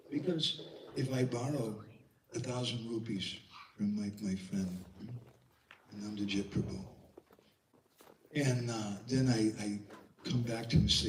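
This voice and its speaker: A man tells devotional stories to a gathering, animated and keeps asking the room for answers. He sits back from the mic, and the voice rings in a roomy space with a middle pitch. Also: unhurried, slight background noise. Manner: animated, poses questions to the audience. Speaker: devotional speaker. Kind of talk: storytelling devotional lecture. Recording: echoey room, distant mic.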